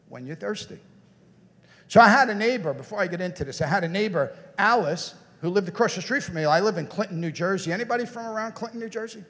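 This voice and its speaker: Male keynote speaker, high and very lively pitch, questions the audience, long hall reverb. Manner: animated, questions the audience directly. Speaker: motivational speaker. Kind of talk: conference keynote talk. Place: conference room with audience.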